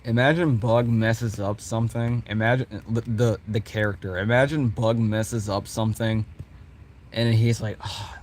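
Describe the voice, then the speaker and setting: A man with a fairly low voice rambles casually about his characters, giggling as he goes. He keeps tripping over his words and restarting sentences, and a faint hiss runs behind him. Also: fairly even intonation, moderate pace. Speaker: content creator.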